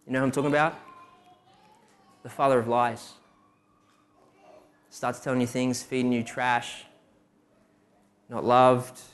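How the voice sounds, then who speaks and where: A man's voice: mid-range voice, little pitch movement, a little slow, pauses often. A young man preaching a sermon, telling personal stories and asking rhetorical questions. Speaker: preacher giving a testimony.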